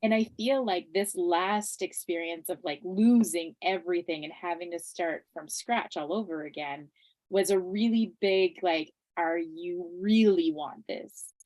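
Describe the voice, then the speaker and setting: A woman's voice: fairly low pitch, moderate pace, darkish tone. A woman hosting a conversation, speaking reflectively and using many fillers.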